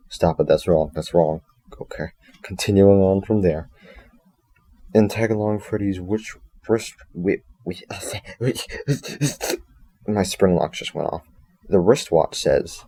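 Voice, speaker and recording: A man's voice: sits low, fairly even intonation, unhurried, warm tone. A man reviewing a story in a casual, rambling way, reading passages aloud and breaking off with joking asides and self-corrections.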